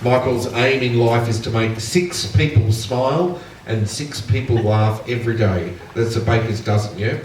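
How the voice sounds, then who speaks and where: A man's voice: medium pitch, normal speed, few pauses. A man as MC introducing performers on a festival stage, chatty and ad-libbing between lines of the introduction. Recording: distant mic in an echoey hall, loud noise.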